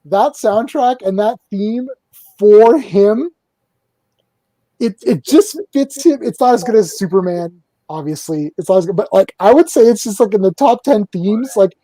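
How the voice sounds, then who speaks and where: A man's voice: sits high, expressive, a little slow, dark tone, no echo, low-quality recording. A man hosting a casual pop culture chat, rambling and enthusiastic, laughing often. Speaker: podcast host.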